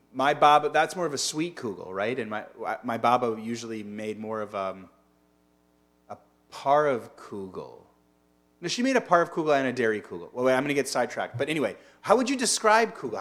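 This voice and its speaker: A man's voice: mid-range voice, sing-song, moderate pace, a bit bright. A man teaching as a rabbi in a casual online lunch-and-learn, chatty and digressive, often asking his listeners questions.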